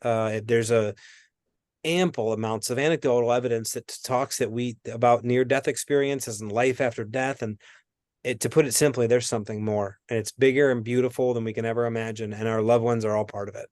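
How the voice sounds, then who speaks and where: A man working as a medium, giving a reading in a rambling, animated way that often interrupts itself. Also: medium pitch, a little fast, no echo, studio quality. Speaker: psychic medium. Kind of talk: spirit reading conversation.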